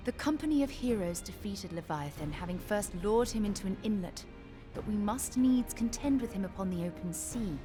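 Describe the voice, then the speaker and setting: A woman's voice: mid-range voice, animated, moderate pace, natural voice. A woman voicing a formal adviser in a game cutscene, in archaic, serious speech. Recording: game audio played from a distance under music.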